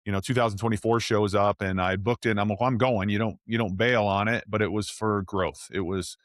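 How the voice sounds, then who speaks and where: A former NFL offensive lineman in his forties, appearing as a guest in a casual interview, tells his story animatedly and acts out the voices he quotes. His voice is fairly low and fairly quick. The recording is dry and studio quality.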